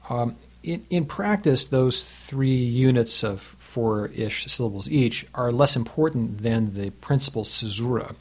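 A man in his fifties gives a recorded lesson on Latin verse, patient and explanatory. His voice is husky, sitting in an ordinary middle pitch. He counts out the rhythms aloud as he explains them. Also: measured pace. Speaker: Latin teacher.

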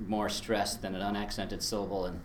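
A man's voice: lowish voice, little pitch movement, a little fast, roomy sound, slight background noise. A man teaching a workshop on verse rhythm, chatty and explaining with spoken examples, often chuckling. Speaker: Latin teacher. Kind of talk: workshop presentation.

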